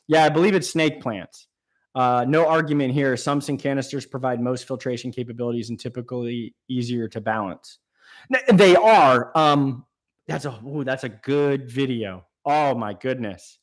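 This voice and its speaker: An aquarium channel host with a medium-pitched voice runs a casual live stream, reading out viewer comments and answering them enthusiastically off the cuff. He speaks unhurriedly, with fillers and restarts.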